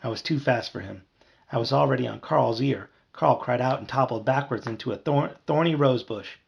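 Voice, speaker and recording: Gravelly man reading a storybook aloud. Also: moderate pace, muffled recording. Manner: lively, voices characters with higher shouts. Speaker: audiobook reader. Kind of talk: reading a children's book aloud.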